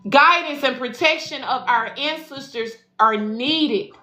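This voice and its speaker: Faint music sits under an echoey room as a woman with a high, pushed, bright voice gives a measured-paced tarot reading on a casual livestream. A spiritual life coach and intuitive reader, she's profane and affectionate, addressing viewers as y'all and baby.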